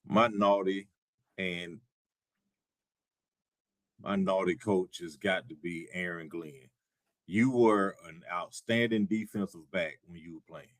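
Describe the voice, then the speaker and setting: A man's voice: low-pitched, fairly even intonation, slow, pauses often, no room sound. A man co-hosting a live sports talk show who rants in a wry, exasperated way with dry humor. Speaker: show co-host.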